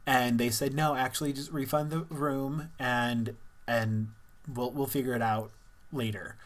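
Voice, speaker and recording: A man's voice: medium pitch, fairly even intonation, unhurried. A young man from Missouri talking candidly in a casual personal vlog, rambling and laughing now and then. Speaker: vlogger.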